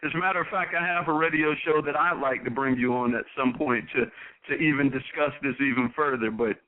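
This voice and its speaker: A man who hosts a radio show, speaking in a measured, diplomatic way. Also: medium pitch. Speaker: radio host. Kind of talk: radio talk show chat. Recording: lo-fi phone-like radio sound.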